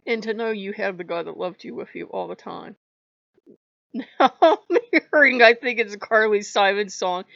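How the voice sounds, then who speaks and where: A woman's voice: mid-range voice, creaky, dry recording, lo-fi sound. A woman vlogger talking candidly and emotionally to her viewers, her nose stuffed up after crying. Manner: candid, emotional, laughing through tears. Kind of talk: personal vlog talk.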